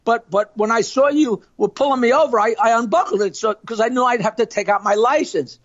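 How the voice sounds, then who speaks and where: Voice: mid-range voice, a little fast, dull audio, lightly acted. A woman voicing a flustered male driver who stammers through rambling excuses.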